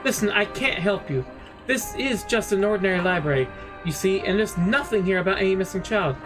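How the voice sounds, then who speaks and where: A man's voice: high-pitched, expressive, fairly quick. A man voicing a prim middle-aged woman librarian who calls people dearie, sweet but guarded. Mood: flustered, hushed. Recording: game music playing underneath.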